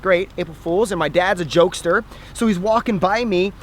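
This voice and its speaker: A young man telling a personal story to camera in a casual, animated way, laughing at himself now and then. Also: sits high, brisk. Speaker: fitness vlogger. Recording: faint outdoor noise.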